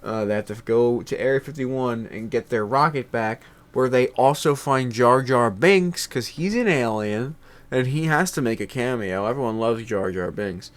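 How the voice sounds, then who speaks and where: A man's voice: mid-range voice, normal speed. Rambling, joking young man. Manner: rambling, filler-heavy, joking. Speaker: host. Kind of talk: casual chat.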